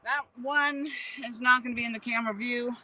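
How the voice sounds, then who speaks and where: Brisk, bright and forceful, her slightly high voice keeps a steady tone despite being out of breath. She's hosting a fishing livestream by a river outdoors, chatting casually with viewers by name and laughing readily.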